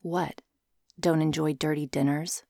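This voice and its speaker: A woman reading the lines of an angry, suspicious young man held captive, speaking flatly with a sharp edge. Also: low voice, moderate pace, vocal fry, dry recording, studio quality. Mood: sarcastic. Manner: flat, sharp-edged.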